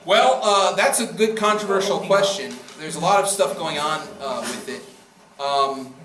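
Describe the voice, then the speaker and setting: A man's voice: on the high side, unhurried, a crowd in the background. A man giving a casual classroom lecture on debating, joking and acting out quoted speakers. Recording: echoey room from far off.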